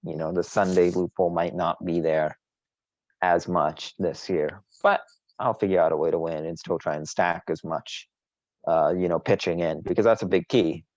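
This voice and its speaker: A man's voice: sits low, fairly even intonation, normal speed, darkish tone, dry recording, muffled recording. A man co-hosting a casual sports podcast, boastful and teasing, rambling with frequent restarts. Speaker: podcast co-host.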